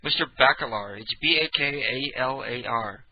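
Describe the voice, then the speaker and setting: A man's voice: mid-range voice, normal speed, crowd noise. A man hosting a radio prank show in casual, rambling chat, joking and laughing often. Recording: dull lo-fi radio recording with faint hiss.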